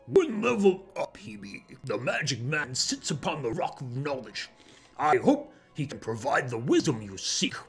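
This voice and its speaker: A man voicing a wise old male magic man who hands out slow, lofty advice in a game. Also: medium pitch, sing-song, over music.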